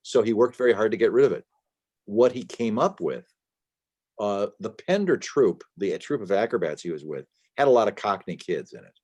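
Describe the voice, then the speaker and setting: A deep-voiced man speaks as a guest author on a video call. He explains at length and leans hard on key words, often restarting and padding with "uh". His low voice gives the answers a steady weight. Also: normal speed. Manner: discursive, emphatic, many restarts and fillers. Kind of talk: conversational interview answers.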